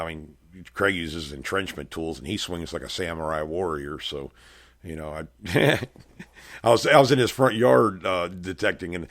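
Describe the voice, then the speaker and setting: Middle-aged male host, very low voice, folksy rambling storyteller, casual show chat. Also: fairly bright tone. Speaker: podcast host. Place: house room with bare walls.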